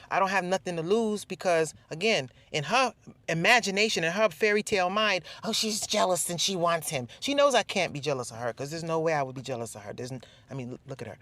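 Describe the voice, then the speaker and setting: A woman's voice: deep voice, a bit bright, no room sound. Profane, mocking woman vlogger. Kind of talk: casual vlog rant.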